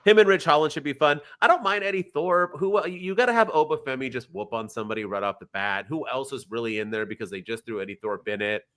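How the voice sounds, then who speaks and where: This is a man co-hosting a laid-back podcast, with a voice that sits in a typical middle register. He talks with lots of energy and tosses question after question at his partner in casual chat. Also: medium pitch. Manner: animated, throws rapid questions at his co-host. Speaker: podcast co-host.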